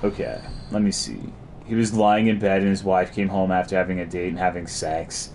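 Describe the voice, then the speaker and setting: A man's voice: sits low, flat delivery, fairly quick, a little mellow, slight background noise. A man streaming a game, chatting casually and crudely as he reads and answers his chat.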